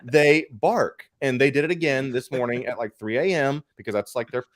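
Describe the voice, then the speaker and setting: A tired man co-hosting a casual collecting show, telling an animated story and swearing freely. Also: mid-range voice, moderate pace, no echo, studio quality. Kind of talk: casual podcast chat.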